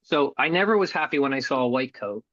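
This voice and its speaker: A man's voice: mid-range voice, lively intonation, fast, a bit bright, no room sound, muffled recording. A middle-aged man telling a hard personal story as a guest, earnest and blunt, with some casual swearing. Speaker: podcast guest.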